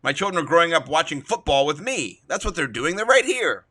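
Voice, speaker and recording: A man's voice: on the high side, sing-song, fairly quick, bright, forceful tone. A man co-hosting a casual fantasy football podcast, telling stories in an enthusiastic, jokey way. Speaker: podcast co-host. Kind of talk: casual sports chat.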